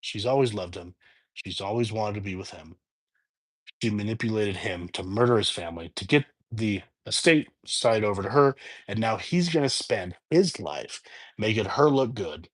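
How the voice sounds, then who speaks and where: A man's voice: fairly low pitch, lively intonation, moderate pace, slightly rough. A man hosting his own review channel, casually retelling a film's plot off the top of his head with frequent restarts and fillers. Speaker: movie reviewer. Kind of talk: casual spoken film review.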